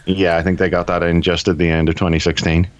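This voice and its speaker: A low-voiced man rambles wryly through casual podcast chat, often stopping to correct himself. The recording sounds dull and dry, with muffled highs and no room echo. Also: flat delivery, fast. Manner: rambling, self-correcting, wry. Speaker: podcast co-host.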